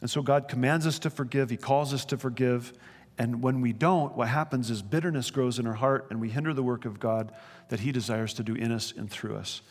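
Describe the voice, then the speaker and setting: A man's voice: medium pitch, fairly quick. Earnest male preacher in a reverberant hall. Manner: earnest, conversational preaching with rhetorical questions. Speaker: pastor. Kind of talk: sermon.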